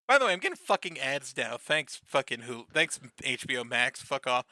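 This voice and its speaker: Male podcast co-host, bright and upbeat, laughs a lot, casual swearing, dry close mic. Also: mid-range voice, big pitch swings, no room sound. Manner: laughs often, swears, acts out lines in quick bursts. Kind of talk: casual chat recapping a TV episode.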